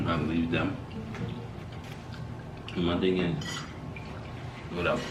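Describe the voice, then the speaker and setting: A man's voice: low voice, little pitch movement, slow, recorded from a distance. A young man, casually and playfully teasing as he cuts into his wife's story. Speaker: co-host, husband. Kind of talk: casual chat. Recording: echoey room, off-mic, background hum.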